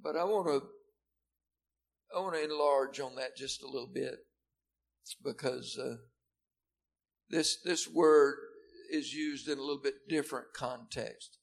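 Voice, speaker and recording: A man preaching a sermon to a seated church congregation, swinging between loud declarations and hushed words, often repeating words for stress. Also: medium pitch, a little slow, creaky, pauses often. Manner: repeats and restarts words when stressing a point. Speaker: pastor.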